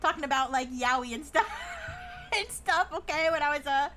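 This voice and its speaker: A young woman streams live and chats casually. She giggles often and reads viewer messages aloud before riffing on them. Her high, bright voice swoops around a lot. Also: expressive, moderate pace, slight background noise.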